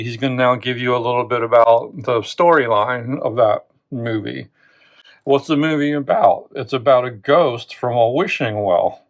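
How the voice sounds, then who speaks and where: A man hosting a channel, giving an unscripted close reading of song lyrics, thinking aloud with rhetorical questions and frequent restarts. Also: mid-range voice. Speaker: literature teacher and channel host.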